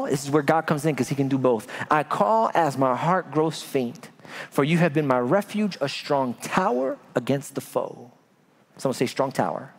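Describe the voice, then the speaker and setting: A man preaching a sermon as pastor, telling stories with big swings from loud to hushed. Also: medium pitch, slightly rough. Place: church.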